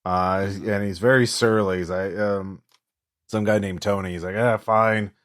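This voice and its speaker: A man with a low voice runs a tabletop game, narrating in a loose, chatty way full of "uh"s and "like"s. He sets scenes and calls for dice checks. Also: fairly even intonation, moderate pace. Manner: loose and conversational, many fillers. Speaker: game master.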